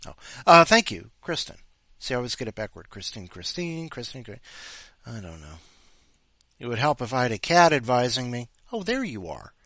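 A man hosting a podcast who rambles casually and playfully. His pitch moves around a lot, and the recording is dry and close. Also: sing-song, brisk, bright, forceful tone, no echo. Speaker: podcast host. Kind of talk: casual chat.

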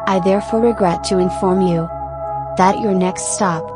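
A woman voicing a cold, calculating announcer who taunts a trapped train passenger in a calm, formal way, with ambient music behind. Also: medium pitch, moderate pace, lightly acted. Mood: coldly polite. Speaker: story contributor. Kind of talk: first-person story reading.

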